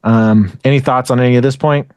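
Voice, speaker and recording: A man's voice: mid-range voice, steady tone, a little fast, a little mellow, clear, resonant tone, no echo, clean studio sound. A man hosting a podcast, casually recapping an episode in a rambling, filler-heavy way with many restarts. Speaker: podcast host recapping an anime. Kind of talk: casual chat.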